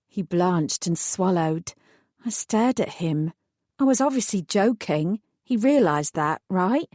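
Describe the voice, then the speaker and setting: A woman reading a first-person audiobook in a measured, wry voice. Her pitch sits in a middle range, and the recording is dry and close with no room sound. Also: darkish tone, dry recording. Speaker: audiobook narrator.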